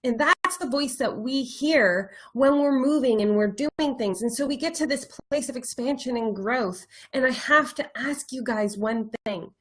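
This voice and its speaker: A woman life coach giving an earnest motivational talk to viewers, stressing points by repeating words and now and then dropping to a slow, soft reflective tone. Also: high-pitched.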